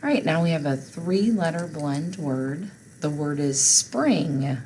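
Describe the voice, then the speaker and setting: A woman's voice: low-pitched, lively intonation, slow pace, a little mellow, a little hiss or hum, low-quality recording. A woman teacher leading a phonics spelling lesson for children, patient and encouraging.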